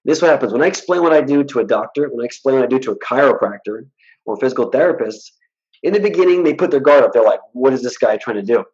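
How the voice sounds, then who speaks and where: A man's voice: medium pitch, fast, lo-fi sound. A man guesting in a casual interview, talking bluntly and acting out the people he quotes. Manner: blunt, animated storyteller who acts out quoted dialogue. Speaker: hypnotist guest.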